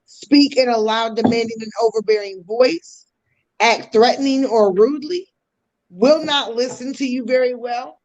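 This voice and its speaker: A woman's voice: a little high, a little mellow, lo-fi sound. A woman hosting a podcast, explaining communication styles in a teaching tone with casual slang asides. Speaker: podcast host.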